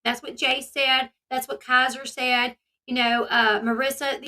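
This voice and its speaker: Bright, high-voiced woman commentator. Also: normal speed. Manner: animated retelling with quoted voices. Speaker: commentary channel host. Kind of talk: casual commentary chat.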